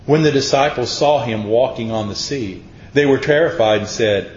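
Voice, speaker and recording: A man's voice: mid-range voice, a little slow, a little hiss or hum. A man preaching a sermon, dramatic and acting out voices from the Bible. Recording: echoey room, dull sound.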